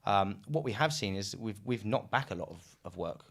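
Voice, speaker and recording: He has a fairly low, expressive voice that's a bit bright, and he talks at a moderate pace. The speaker, a British man who founded a recruitment firm, is a laid-back podcast guest in a casual business chat, laughing and dropping the odd swear word.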